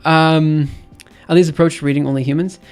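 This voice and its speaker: A man's voice: fairly high pitch, fairly even intonation, brisk, clear, resonant tone. Exasperated man ranting over music. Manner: exasperated, repetitive, restarts often. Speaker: streamer reviewing papers. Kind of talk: casual ranting commentary.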